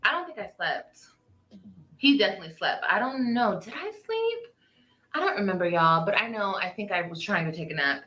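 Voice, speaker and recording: A young woman vlogger telling her story to viewers in a drawn-out, animated way. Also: mid-range voice, reverberant, low-quality recording.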